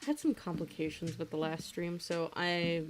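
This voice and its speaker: A woman's voice: lowish voice, little pitch movement, moderate pace, background noise. A woman in her twenties, chatting casually and rambling with many fillers and frequent giggles while she draws on a stream. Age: 20s. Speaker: streaming artist. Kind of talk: casual chat while drawing.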